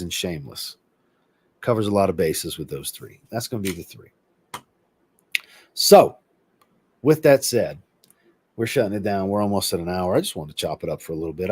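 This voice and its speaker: A man hosting a livestream and chatting casually, reading viewer comments aloud and answering them in a relaxed, rambling way. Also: lowish voice, breathy edge. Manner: relaxed, rambling, with filler words. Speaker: host.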